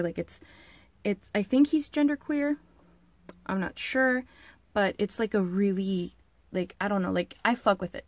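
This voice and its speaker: A woman's voice: medium pitch, dry recording. A woman vlogger recounts a story in a chatty, profane rush, leaning into the drama. She peppers her talk with "like" and "you know". The recording is dry, with no room sound. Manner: frequent filler "like". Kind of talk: casual story-time vlog.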